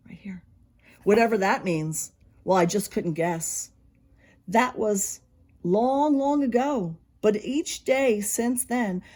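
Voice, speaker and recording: A preschool teacher reading a picture book aloud to young children, expressive and stopping to explain. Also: female voice, medium pitch.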